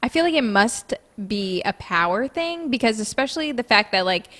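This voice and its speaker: A woman's voice: fairly high pitch, expressive, normal speed, a bit bright. A woman co-hosting a podcast in casual chat, blunt and outspoken, swearing freely. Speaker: podcast co-host.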